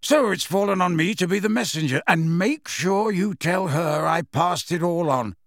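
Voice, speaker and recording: A man's voice: sits high, moderate pace, creaky, dry recording, studio quality, pitched above the performer's own voice. A man doing a wry, self-assured grown man.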